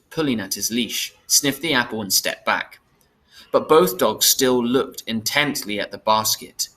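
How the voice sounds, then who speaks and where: Man reading a storybook chapter aloud. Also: mid-range voice. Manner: plain, steady reading with small self-corrections. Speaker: reader.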